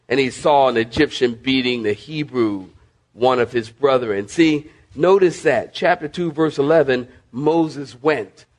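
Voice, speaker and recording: A male pastor preaching a sermon, repeating key phrases and calling on the congregation to respond. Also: a little high. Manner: calls on listeners to respond and mark their bibles.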